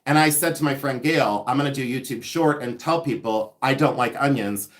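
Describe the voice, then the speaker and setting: A man's voice: medium pitch, moderate pace. A man hosting a live jewelry sale stream, chatting in a gossipy, rambling way with frequent laughter and side stories. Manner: gossipy, animated, laughs often, rambling asides. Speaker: livestream host selling vintage jewelry. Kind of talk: chatty livestream monologue.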